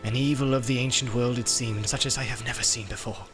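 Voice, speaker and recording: A man reading an audiobook, voicing a weathered human ranger who speaks gravely and deliberately. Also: mid-range voice, steady tone, over music, lightly acted.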